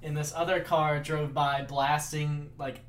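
A young man chatting casually as a podcast co-host, an animated storyteller who laughs often. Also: fairly high pitch, unhurried, recorded from a distance, crowd noise. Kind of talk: casual chat. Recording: roomy, off-mic with faint ambience.

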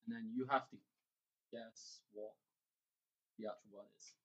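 Husky low-key Canadian man. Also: steady tone, a little slow. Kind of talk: casual chat. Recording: muffled lo-fi sound.

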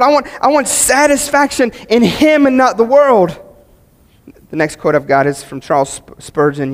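Fervent high-voiced preacher in a hall. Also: male voice. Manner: emphatic, rising to fervent peaks on key phrases. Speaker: pastor. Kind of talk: sermon.

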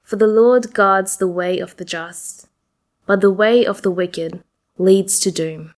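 Woman lector reading psalm verses really slow and steady at mass. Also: mid-range voice. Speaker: lector and cantor. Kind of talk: reading and leading the responsorial psalm.

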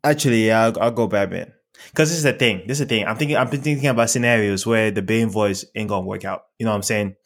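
A young man chatting casually, animated and laughing often as he swaps voices. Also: fast talker. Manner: animated, laughs often, slips into falsetto impressions. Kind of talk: casual chat.

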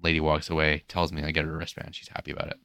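A man's voice: rumbling low, monotone, very fast, bright, forceful tone, no room sound. A man hosting a podcast, casually retelling a story from his lifeguard job and mimicking the people in it, with some casual swearing. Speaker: podcast host and pool lifeguard.

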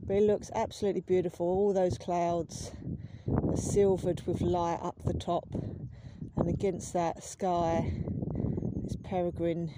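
A woman walking across a nature reserve and chatting about the wildlife she sees. She talks casually with many ums and breaks into sudden delighted exclamations. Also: lowish voice. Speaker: nature walk guide. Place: outdoors on a windy nature reserve. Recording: loud outdoor wind noise.

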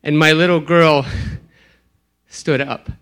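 A man plays a grateful father whose daughter was brought back to life, recounting it in an earnest dramatic monologue. His voice sits fairly high for a man. He speaks slowly and deliberately. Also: fairly even intonation, fairly bright tone, smooth. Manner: slow, earnest storytelling. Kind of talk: first-person dramatic monologue.

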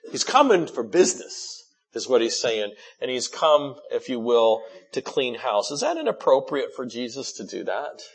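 A male pastor delivers a sermon in a gravelly, husky voice. He speaks animatedly and climbs to loud, emphatic peaks. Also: mid-range voice, normal speed, few pauses. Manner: animated preaching with rising bursts of emphasis.

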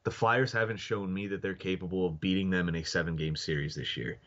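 A man's voice: sits low, fairly even intonation, quick pace, muffled recording. A man co-hosting a casual sports podcast, talking in an opinionated way with lots of fillers. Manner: opinionated, hedging with frequent fillers. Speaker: podcast co-host.

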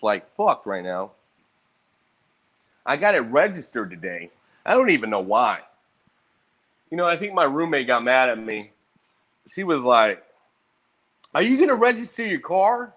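A man's voice: medium pitch, measured pace, pauses often. A young man rambling casually about his day, swearing freely and jumping between stories, a little hungover. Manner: profane, rambling, animated storytelling.

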